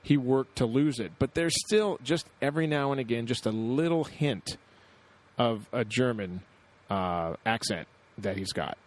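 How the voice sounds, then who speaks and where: A man talks through a theory in a relaxed podcast conversation. His voice sits in an ordinary middle pitch. He reasons aloud at a measured pace and his sentences drift softly to a close. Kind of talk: casual chat.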